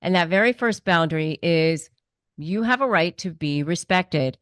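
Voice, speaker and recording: A woman's voice: fairly low pitch, expressive, moderate pace, a bit bright, no room sound. A woman giving conversational advice on handling manipulative people, earnest and repeating her key phrases. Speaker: narcissism expert guest.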